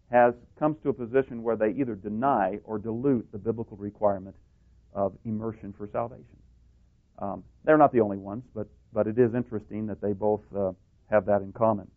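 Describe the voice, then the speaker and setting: A man's voice: on the low side, fairly even intonation, brisk. A man preaching a sermon, emphatic and building his points to stressed pleas, with scripture references. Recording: tinny phone-like tape recording.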